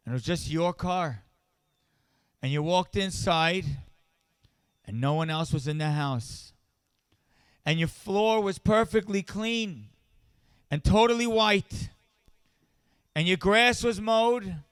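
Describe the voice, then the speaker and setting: A man's voice: fairly high pitch, a bit bright, clean tone, no room sound. A middle-aged man, a rabbi, giving a sermon-style speech at a charity event, telling stories and building to impassioned emphasis. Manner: storytelling, rising to impassioned emphasis.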